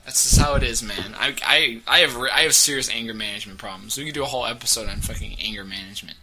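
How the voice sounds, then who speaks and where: A man's voice: medium pitch, fast talker, poor audio. Profane, ranting male co-host with chatter behind. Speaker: podcast co-host. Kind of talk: casual gaming podcast chat.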